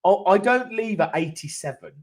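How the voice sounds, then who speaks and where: Animated higher-voiced football fan man. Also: normal speed. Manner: animated storytelling, restarts, laughs often. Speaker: football fan channel co-host. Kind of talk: casual chat.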